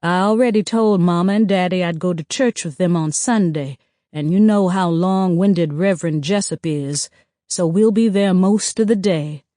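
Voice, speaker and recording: A woman's voice: on the low side, moderate pace, mellow, dry recording, studio quality. A woman reading audiobook dialogue in a conversational, easygoing way. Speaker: audiobook narrator.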